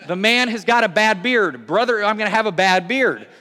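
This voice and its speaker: High-voiced man preaching in an echoing hall. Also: normal speed. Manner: conversational, animated, with repeated restarts. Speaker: pastor. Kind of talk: sermon.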